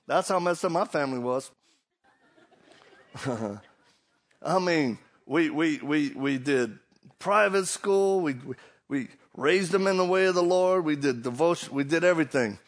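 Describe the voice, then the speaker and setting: A middle-aged man from Louisiana with a Cajun accent, preaching in a folksy storytelling way with halting restarts. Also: a little high. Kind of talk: sermon with humor.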